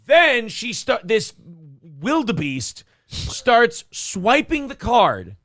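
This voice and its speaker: A man's voice: sits high, sing-song, slow, vocal fry, a bit bright, no room sound, studio quality. A man hosting a morning show, telling a story as a profane, heated rant. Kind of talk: casual podcast chat.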